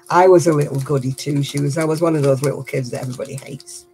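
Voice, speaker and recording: A woman's voice: low-pitched, fairly even intonation, fast, mellow, a little hiss or hum. An older woman, a great-grandmother, chatting casually and laughing often as she reads viewer comments on her crafting livestream.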